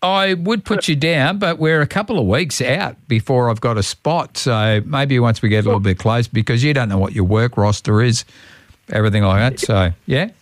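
A man's voice: medium pitch, moderate pace, no room sound. A man with an Australian accent hosting breakfast radio, chatting and joking with a caller. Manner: chatty, jokey banter. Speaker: radio host. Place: radio studio. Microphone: studio microphone.

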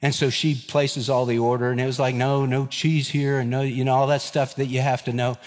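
A man's voice: medium pitch, little pitch movement, fairly quick, darkish tone, big-room sound. A man, preaching a sermon and telling a folksy story, acting out the voices in it. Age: 50s. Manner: folksy storytelling, acts out dialogue. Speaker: pastor.

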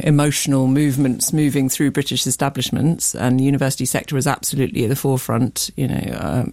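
A middle-aged woman, a writer and commentator, answering interview questions in a radio studio in a measured, hesitant way with many fillers. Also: a bass voice, dark tone, dry recording. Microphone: studio microphone.

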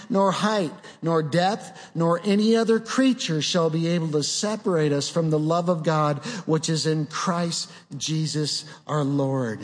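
A man preaching a sermon with a slightly raised voice, slow and deliberate. He asks earnest rhetorical questions and lets key words sink low. His voice rings out with a long reverb, as in a big hall.

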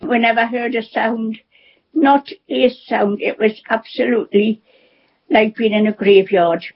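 A woman in her nineties from England, recalling events in a halting, plainspoken way during a radio interview. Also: fairly high pitch, steady tone. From North East England. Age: 90s. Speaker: interviewee, war survivor. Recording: dull lo-fi broadcast audio.

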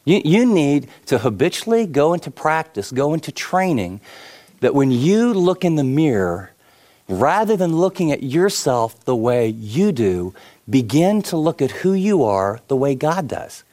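A man pastor preaching a sermon, telling stories in an animated way with frequent fillers. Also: a little high, a little slow.

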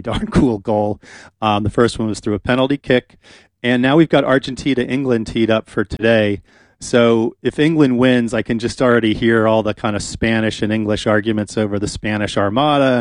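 A man's voice: mid-range voice, dry recording. A man hosting a radio talk show, chatting casually and rambling with fillers in a studio.

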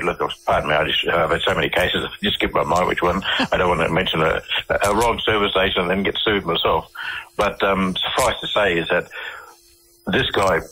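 A man with an Australian accent, a guest on a radio show, telling his stories in a halting way full of restarts and fillers. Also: sits low, bright, forceful tone, slight background noise, low-quality recording. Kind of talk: casual interview storytelling.

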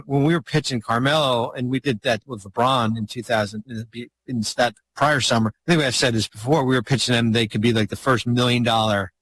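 A man, a former basketball team executive, telling a long anecdote in casual chat, rambling and animated with sudden jumps in pitch.

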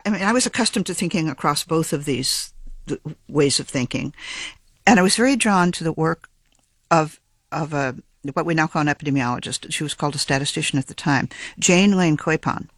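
Man talking science in an interview, careful academic wording, kinda high voice, dry close sound. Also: fairly bright tone, no room sound. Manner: measured, precise, academic phrasing with small restarts. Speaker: geneticist being interviewed. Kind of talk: reflective interview explanation.

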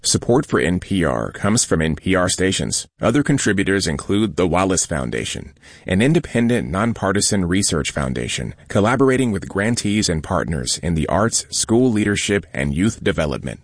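Deep-voiced male radio announcer. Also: sing-song, moderate pace, no room sound, studio quality. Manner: polished announcer delivery. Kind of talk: sponsor announcement.

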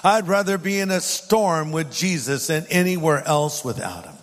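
A man, a pastor, preaching a sermon and reading scripture aloud with emphatic pauses. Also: fairly high pitch, lively intonation, soft background music. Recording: long hall reverb.

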